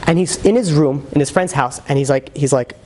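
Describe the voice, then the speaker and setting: A man, a rabbi, telling a dramatic story in a sermon, with lively, conversational storytelling that swings into character voices. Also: brisk, a little hiss or hum. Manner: animated storyteller, acts out characters with shifts in pitch; conversational, many fillers.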